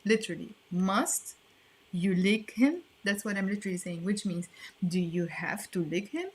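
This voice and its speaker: A woman's voice: mid-range voice, normal speed, slight background noise. A woman teaching a language lesson online, explaining in a playful, chatty way with asides.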